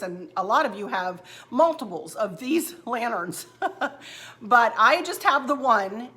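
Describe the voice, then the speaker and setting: A woman's voice: medium pitch, sharp tone. Woman, casual home-decor vlogger, friendly chatter, light laughs, middle voice. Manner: chatty and homey, laughing easily. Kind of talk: casual crafting tutorial chat. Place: home kitchen.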